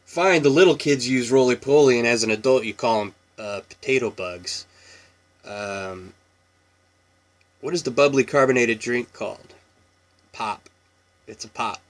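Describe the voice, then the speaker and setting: A medium-pitched man talks a little slowly and pauses often as he goes through an accent tag. In his thirties and from Washington State, he has the local accent and a relaxed, rambling manner full of ums and small laughs.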